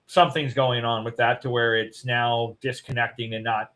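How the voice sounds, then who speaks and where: A man with a bright, forceful voice chats casually as co-host of a morning show. He tells his stories in long, rambling runs. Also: mid-range voice, little pitch movement, moderate pace, poor audio. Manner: rambling storyteller.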